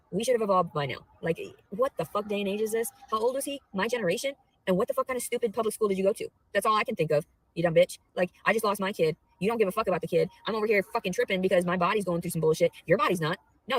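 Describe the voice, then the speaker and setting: A young adult woman vlogging a profane, rambling rant, swearing constantly and swinging between low murmurs and loud outbursts. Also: rapid-fire, breathy edge, no room sound, rough recording.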